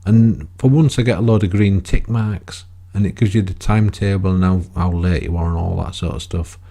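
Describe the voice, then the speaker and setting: Deep-voiced rambling man. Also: steady tone, fairly quick, dark tone. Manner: rambling, chatty, full of tag questions. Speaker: gaming video creator. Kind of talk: casual gameplay commentary.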